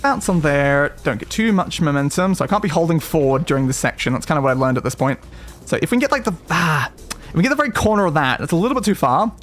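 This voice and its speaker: Young Aussie male streamer, high voice with big swings, chatty self-coaching play-by-play. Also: sing-song, quick pace, fairly bright tone. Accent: Australian. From Australia. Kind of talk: casual gameplay commentary.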